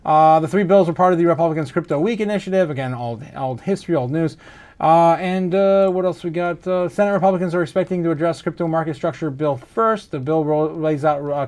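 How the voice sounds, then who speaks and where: A man's voice: a little high, darkish tone. A man hosting a casual livestream, reading out chat comments and news with lots of fillers and frequent laughs. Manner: rambling, laughs often, many fillers. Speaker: crypto livestream host.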